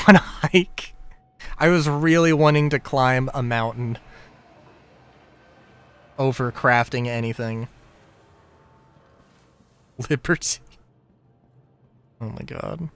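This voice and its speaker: A man's voice: medium pitch, steady tone, takes it slowly, long pauses, a bit bright, smooth, dry recording. A young man streaming a game live, rambling in casual commentary and often breaking into laughter.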